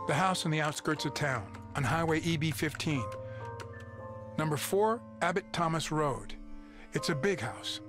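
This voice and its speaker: Actor as a calm, helpful male supervisor in a game cutscene with score behind. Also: a little high, moderate pace, lightly acted. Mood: concerned. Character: calm grown-man supervisor, a helpful colleague. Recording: game scene with music behind.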